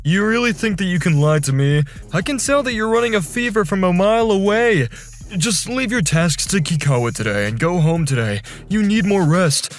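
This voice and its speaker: A man's voice: high-pitched, lively intonation, moderate pace, faint music behind, pitched above the performer's own voice. A man voicing a stern but caring older office boss who speaks in a firm, scolding way. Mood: firm concern.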